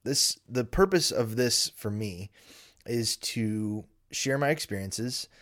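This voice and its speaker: A man's voice: mid-range voice, takes it slowly, fairly bright tone. A man in his thirties hosting a casual solo podcast from his home basement, candid and self-deprecating, with frequent ums. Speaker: podcast host.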